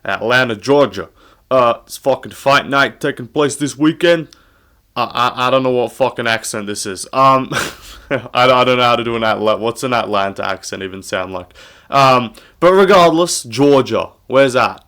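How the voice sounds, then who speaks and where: A man's voice: mid-range voice, fairly even intonation, moderate pace, pushed and bright. Rambling, profane young Australian man. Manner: rambling, profane, self-mocking. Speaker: MMA prediction channel host. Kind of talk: casual crude commentary.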